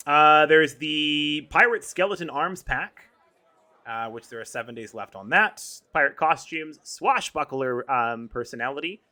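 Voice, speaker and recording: On a relaxed gaming news podcast, a male co-host walks through store items and events, stumbling into ums and correcting himself often. He sounds sharp and expressive, on the higher side, keeping a measured pace.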